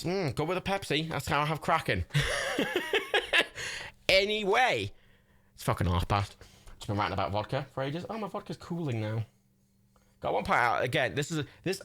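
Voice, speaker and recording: A man's voice: medium pitch, a bit bright. A young man chatting on a livestream, swearing a lot, rambling and laughing often. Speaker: livestream host. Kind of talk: casual chat.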